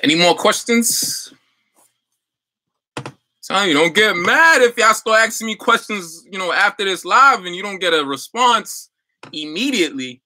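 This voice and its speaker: A man's voice: high-pitched, expressive, unhurried, pushed and bright, dry recording. A young adult man chatting loosely on a livestream as a business coach, full of fillers and restarts while reading viewer comments.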